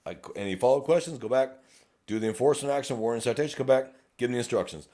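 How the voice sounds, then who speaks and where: Medium-pitched, dark-toned and animated, this fast-talking middle-aged police officer with a Texan accent co-hosts a casual podcast. He speaks bluntly with plenty of profanity and acts out his traffic-stop exchanges with drivers.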